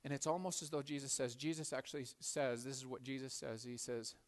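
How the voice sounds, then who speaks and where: A man preaching a sermon, telling a story with animated swings from loud to hushed and frequent repeated words. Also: mid-range voice, fast. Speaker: pastor.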